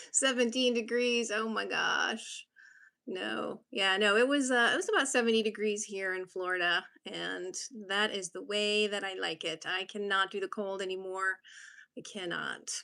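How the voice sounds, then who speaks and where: An upbeat woman hosts a casual livestream in a mid-pitched voice, chatty and friendly with each viewer. She grew up in Massachusetts and talks easily and informally. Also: a little slow, gravelly, sharp tone. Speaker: livestream host. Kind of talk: casual live-stream chat.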